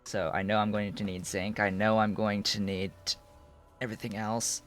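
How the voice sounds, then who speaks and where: A man's voice: on the low side, flat delivery, moderate pace, a bit bright, soft background music. A man streaming a game, thinking aloud in a rambling way with many restarts. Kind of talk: casual live-stream commentary while playing.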